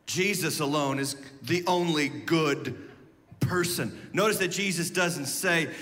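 Male pastor, high bright voice, animated sermon with shouts and hushed asides, reverberant hall. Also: slow. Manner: animated, swings from shouted emphasis to hushed asides, leads call-and-response.

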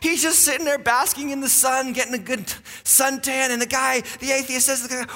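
A middle-aged man, a lead pastor, preaching a sermon in a church with animated jokes and repeated key phrases. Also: extremely high pitch, brisk, few pauses. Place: church auditorium. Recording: long church reverb.

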